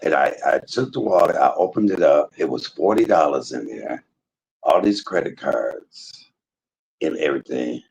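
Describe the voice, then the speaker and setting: A man's voice: rumbling low, lively intonation, moderate pace, gravelly, a little mellow, slight background noise, poor audio. A man streaming live to his viewers, telling a story in an emphatic, preachy way, full of religious exclamations. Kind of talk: casual spoken testimony to a live chat.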